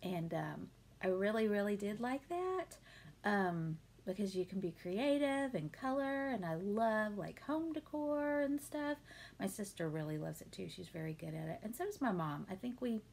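Woman, 30s, chatty and gravelly, rambling q&a at home. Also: mid-range voice, expressive, moderate pace. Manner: chatty, warm-hearted, many ums and laughs. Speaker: beauty vlogger answering viewer questions. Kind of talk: casual Q&A chat.

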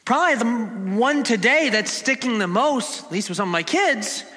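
A middle-aged man preaches with a very high, animated voice. He plays to the crowd with jokes and snatches of song. His words ring out with the long reverb of a large church hall. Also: normal speed. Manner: playful, sings snippets of ad jingles to the congregation. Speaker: pastor. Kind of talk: sermon. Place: church sanctuary.

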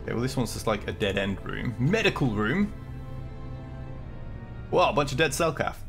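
A man's voice: medium pitch, sing-song, moderate pace, a bit bright, soft background music. A man chatting through a live game stream, jittery from coffee, joking and reading game lines aloud. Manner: chatty, jokey, reads game dialogue aloud. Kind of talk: live gameplay commentary.

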